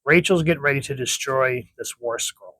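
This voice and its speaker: Man reviewing comics, rambling, self-correcting, mid-pitched voice, dry close mic. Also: normal speed, fairly bright tone, no echo, rough recording. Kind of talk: casual comic review monologue.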